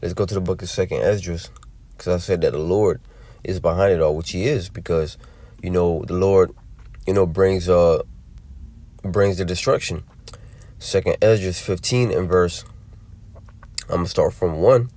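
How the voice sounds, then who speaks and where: A man's voice: low voice, moderate pace, pauses often, warm tone. A man teaching from scripture, reading verses aloud and explaining them in a drawling, conversational way full of "you know" and "all right". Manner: drawling, many fillers and tag questions. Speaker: preacher.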